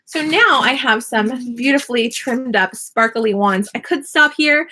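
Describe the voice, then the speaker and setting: Bright-voiced chatty woman crafting live. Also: on the high side, unhurried. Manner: chatty, reads out viewer comments, narrates each craft step. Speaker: crafting vlogger and mother. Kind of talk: casual live-stream chat while crafting. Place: home office.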